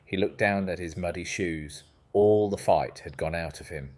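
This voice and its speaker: A man narrating a storybook in an even, steady way. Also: deep voice, moderate pace, hardly any pauses.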